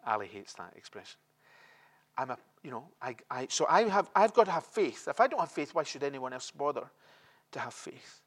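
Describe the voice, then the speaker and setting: A man's voice: mid-range voice, big pitch swings, brisk, breathy edge, distant mic. A man preaching a sermon as the pastor, conversational and repeating key phrases for emphasis.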